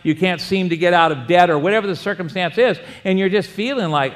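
A man preaches a sermon with a high, animated voice, acting out little back-and-forth exchanges and dropping jokes along the way. He talks as a pastor to his congregation. His voice carries the long reverb of a church sanctuary. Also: a little fast, few pauses.

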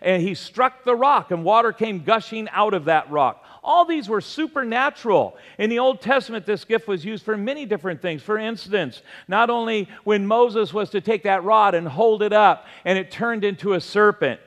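Pastor guy preaching, high-ish voice, chatty, long echo like a big church. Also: expressive, moderate pace, few pauses, fairly bright tone. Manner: earnest, conversational preaching with reenacted dialogue. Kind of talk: sermon storytelling. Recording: long reverb, large hall.

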